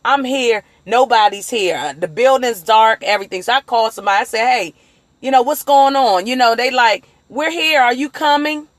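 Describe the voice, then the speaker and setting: A woman hosting a casual motivational livestream on her phone, talking in a rambling, animated way and acting out the voices of people she quotes. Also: a little high, normal speed, no room sound. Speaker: livestream host.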